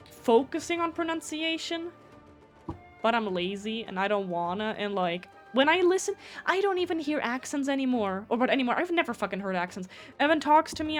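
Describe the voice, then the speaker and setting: German-accented woman streamer, slightly high. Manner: rambling, swears often. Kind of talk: casual live gameplay chat.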